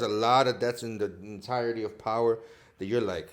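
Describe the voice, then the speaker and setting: A man from Chicago, an actor guest on a casual podcast, telling animated stories and acting out quotes with frequent laughter. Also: lowish voice, fairly quick. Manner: animated storytelling, acts out quotes, laughs often.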